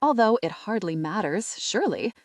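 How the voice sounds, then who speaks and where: A woman's voice: medium pitch, very animated, normal speed, dry recording, studio quality. A woman reading an audiobook, voicing a nervous young groom who answers sheepishly and evasively. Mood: flustered.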